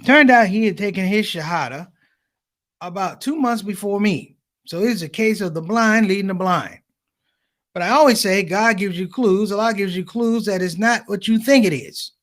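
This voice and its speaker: A man performs stand-up comedy, spinning animated stories and addressing the audience as brothers and sisters. His voice sits high, and he speaks at a normal speed.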